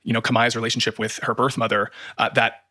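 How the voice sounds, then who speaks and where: Fast, bright male podcast narrator. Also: medium pitch, level tone, no room sound, clean studio sound. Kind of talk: scripted true-crime narration.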